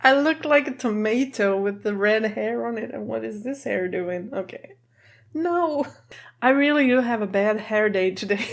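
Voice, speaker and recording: Fields: Sex: female. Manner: giggly, emotional. Style: reaction vlog. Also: medium pitch. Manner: chatty, giggly, keeps her voice down. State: emotional, teary. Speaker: reaction video host. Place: indoor room at home.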